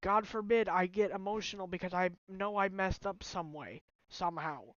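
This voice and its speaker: A man's voice: high voice, normal speed, a bit bright, no room sound. An emotional young man vents to his viewers over a phone livestream, sighing and near tears. The audio is dull and lo-fi, close and completely dry. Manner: upset, voice breaking, sighing. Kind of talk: emotional personal talk to viewers.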